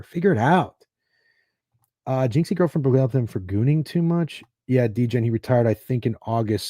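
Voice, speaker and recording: A man's voice: medium pitch, dark tone, no room sound, clean studio sound. A man hosting a sports betting stream, chatting casually in a rambling, profane, sarcastic way. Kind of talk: casual livestream chat.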